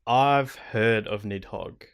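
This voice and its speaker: A man's voice: lowish voice, takes it slowly, smooth. A young man co-hosting a gaming podcast in casual, sweary banter. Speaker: podcast co-host. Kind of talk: casual chat.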